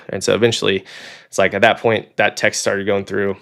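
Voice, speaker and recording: A young man from Oklahoma tells his story in a casual podcast interview. His voice sits very low, with a gravelly edge. He acts out the people he quotes, and "like" and "um" run all through his talk. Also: brisk. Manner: animated storyteller, acts out quoted dialogue, frequent "like" and "um". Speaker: podcast guest, fighter pilot.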